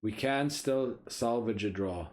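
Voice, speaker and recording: A man's voice: mid-range voice, measured pace. A young man in casual gameplay commentary, muttering to himself, thinking aloud and swearing mildly as he plays. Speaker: gaming streamer.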